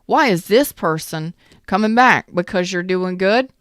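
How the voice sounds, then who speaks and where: Woman, tarot reader, chatty, blunt, low smooth voice, dry close sound. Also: lively intonation, a little slow, a bit bright, no echo. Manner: chatty and blunt, greets live viewers, acts out little scenes. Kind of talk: live tarot reading, casual chat.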